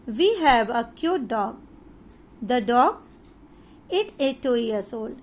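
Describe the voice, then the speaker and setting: Teaching grammar online, this Indian English-accented woman speaks in a fairly high, very animated voice. She takes her time, explaining deliberately and pausing often.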